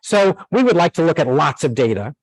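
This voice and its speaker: A man's voice: a little high, big pitch swings, fairly quick, breathy edge, no echo, poor audio. A man giving a university lecture who explains in steps, with many fillers and restarts.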